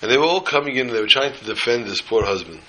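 A man delivering a sermon with lively, acted-out storytelling. His voice is bright and forceful, and his pacing stays relaxed as he explains the weekly portion. He speaks like a rabbi teaching his congregation. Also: mid-range voice, very fast, low-quality recording. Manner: animated storyteller who acts out scenes.

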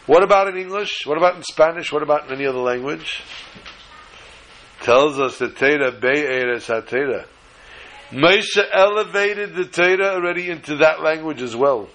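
A man's voice: fairly high pitch, expressive, normal speed, a bit bright, rough recording. A man giving an earnest Torah lecture, mixing in Hebrew and Yiddish terms and telling a story.

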